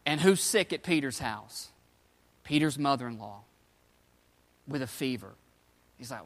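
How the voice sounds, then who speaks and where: A man preaching with a high, bright, forceful voice, telling the story in loose everyday slang. His words ring out with a long reverb, as in a large hall. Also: moderate pace, pauses often. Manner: casual storytelling, slangy paraphrase of scripture. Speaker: pastor. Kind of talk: sermon.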